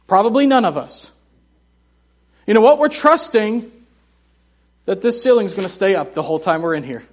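Man, high-pitched, middle-aged, folksy humorous sermon, church sanctuary. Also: normal speed, pauses often. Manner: folksy, animated storytelling with humor. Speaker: missionary preacher.

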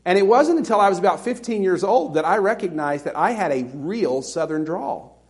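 A man's voice: sits high, animated, quick pace. A middle-aged man from Alabama preaching a sermon as a pastor, conversational and self-deprecating, with laughing asides.

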